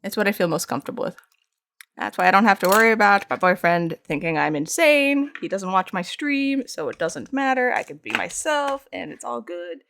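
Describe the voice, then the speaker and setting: A young woman streams herself making art at home and chats casually with viewers, rambling, teasing herself, and laughing a lot. Her voice is mid-range, gravelly, and fairly bright, with animated delivery at a normal speed. She uses a streaming microphone, and there's slight background noise.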